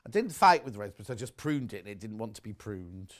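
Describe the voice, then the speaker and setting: A man presenting on a live shopping channel, chatting warmly about fabrics and reading out viewer messages. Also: lowish voice, very animated, quick pace. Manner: chatty, gushing over products, reads viewer messages aloud. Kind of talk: live TV sales chat. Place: TV studio.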